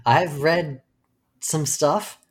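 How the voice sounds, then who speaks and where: A man's voice: a little high, very slow, breathy edge. A man co-hosting a podcast, eager and laughing often as he talks about comics. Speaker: podcast co-host. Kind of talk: casual comic book discussion.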